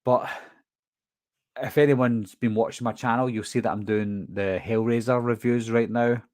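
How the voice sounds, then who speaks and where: A man's voice: medium pitch, steady tone, normal speed, darkish tone, dry recording. Glaswegian man, dry close mic. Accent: Glaswegian Scottish, toned down. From Scotland. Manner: chatty, reads viewer questions and answers them. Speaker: horror movie channel host. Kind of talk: casual live stream chat.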